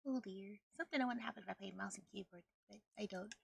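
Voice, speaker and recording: A woman's voice: mid-range voice, quick pace, vocal fry, breathy edge, dry recording, studio quality. A woman streaming a video game, chatting casually and rambling with frequent laughter. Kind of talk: casual gameplay stream chat.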